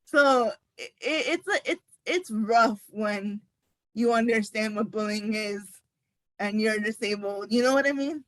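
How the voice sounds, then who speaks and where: A woman's voice: on the high side, measured pace, a bit bright, no echo, rough recording. A young woman on a video call, sharing a personal account on a panel in a hesitant way, searching for words.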